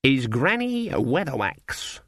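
A man voicing a stern, proud old witch woman in an audiobook, slow and emphatic. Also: medium pitch, sing-song, fairly bright tone, no room sound, clean studio sound, heavily acted. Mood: stern, smug. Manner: slow, emphatic and self-assured. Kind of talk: audiobook character voice.

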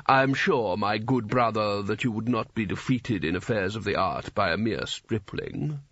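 A man reading aloud, voicing a sly, smooth older wizard who speaks in a dry, unhurried, quietly mocking way. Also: lowish voice, dry recording, muffled recording.

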